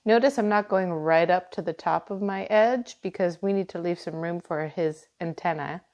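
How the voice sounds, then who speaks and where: A woman teaching a step-by-step cartoon drawing lesson, gently guiding through each line. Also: lowish voice, moderate pace. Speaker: art teacher. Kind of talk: drawing tutorial.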